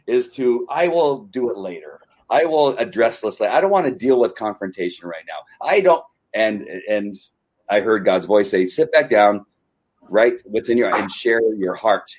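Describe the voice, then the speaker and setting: A man hosting a conversation, telling a personal faith story in an earnest, halting way with many restarts. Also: medium pitch. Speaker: podcast host. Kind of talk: personal testimony in casual conversation.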